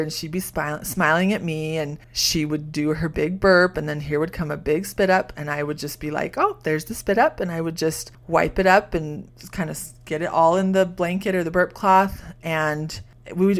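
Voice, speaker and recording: Woman with a low voice, life coach, chatty podcast storytelling, reassuring, lots of fillers. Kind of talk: podcast monologue.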